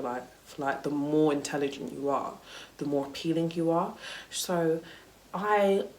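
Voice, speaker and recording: A woman's voice: sits low, darkish tone, slight background noise. A young woman vlogging a casual story time, candid and chatty, with lots of "like" and "you know" and some swearing. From United Kingdom.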